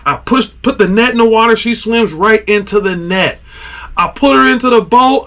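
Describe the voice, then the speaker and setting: A man hosting a podcast, telling a story in a casual, animated way, with sound effects and lots of "like". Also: high-pitched, moderate pace.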